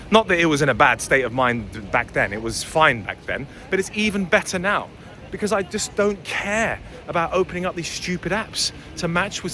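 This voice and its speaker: Brief: blunt young male vlogger, lively swooping delivery, slightly high voice, faint street traffic behind. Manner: blunt, opinionated, swears. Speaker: dating and life coach. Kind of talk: casual vlog monologue.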